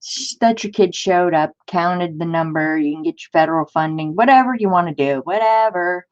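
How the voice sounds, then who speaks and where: A woman's voice: lowish voice, normal speed, darkish tone, dull audio. A woman hosting a crafting stream, venting in casual chat and answering viewers in the chat. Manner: exasperated, talks to live chat viewers. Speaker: crafting channel host.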